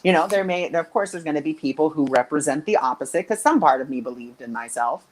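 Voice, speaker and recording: A woman's voice: deep voice, fast, a little hiss or hum, low-quality recording. A woman who works as a spiritual intuitive coach, telling stories in a casual interview and acting out the voices of the people she quotes. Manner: animated, acts out quoted voices.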